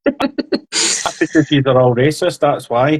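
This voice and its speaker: A man's voice: on the high side, sing-song, a little slow, husky. A man co-hosting a casual podcast, teasing and joking in loose banter. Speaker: podcast co-host. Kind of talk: casual chat.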